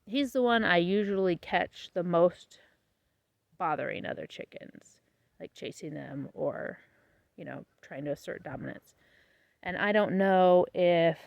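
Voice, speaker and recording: A woman vlogging casually about her homestead, tired after planting, chatty and laughing often, her voice trailing off softly. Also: on the low side, no echo, low-quality recording. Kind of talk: casual vlog talk to camera. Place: outdoors on a small homestead.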